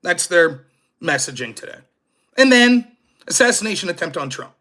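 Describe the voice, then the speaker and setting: A man's voice: sits high, moderate pace. A man hosting a casual political commentary stream, sarcastic and mocking, chatting with his live chat as he talks. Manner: animated and sarcastic, mocking opponents; chats with live chat readers.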